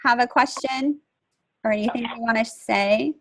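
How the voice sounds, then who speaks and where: A woman's voice: fairly high pitch, normal speed, a bit bright, a little hiss or hum. A woman coaching her team on a group call, chatty and upbeat, with many fillers and restarts. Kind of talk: casual conference call.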